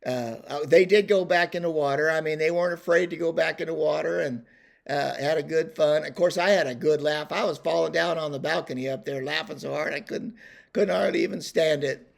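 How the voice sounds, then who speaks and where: A man spins a relaxed family yarn in a rambling, folksy way. His voice sits a little higher than most men's. He loops back and fills gaps with easygoing fillers. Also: a little fast, creaky. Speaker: storyteller host. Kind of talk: casual storytelling vlog.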